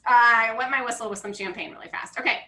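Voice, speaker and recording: Bubbly, bright-voiced woman coach. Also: a little high, fast, echoey room, rough recording. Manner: bubbly, excitable, reads comments aloud. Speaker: financial coach hosting a live launch call. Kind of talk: casual live-stream talk.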